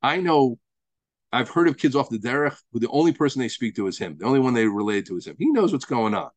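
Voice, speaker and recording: A man's voice: medium pitch, big pitch swings, fast, no echo. A rabbi giving a Torah lesson to a study group, emphatic and repeating words as he builds each point, with Hebrew and Yiddish terms mixed into his teaching.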